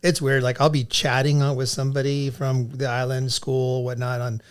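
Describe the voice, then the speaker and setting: A man's voice: mid-range voice, flat delivery, moderate pace, clear, resonant tone. A man from Guam co-hosting a podcast in a friendly, chatty way. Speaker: podcast co-host. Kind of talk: casual podcast chat.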